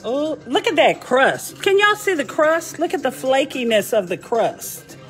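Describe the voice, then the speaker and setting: A woman's voice: high voice, sing-song, a little slow, echoey room, soft background music. A woman hosting a casual live cooking demonstration. She is chatty and exclamatory, and she keeps coaxing her viewers along. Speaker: home cook hosting a cooking stream.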